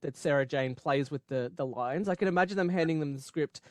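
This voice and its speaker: A podcast co-host chatting casually, laughing often and acting out scenes in quick little voices. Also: medium pitch, a little mellow, no room sound, studio quality. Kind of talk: casual chat.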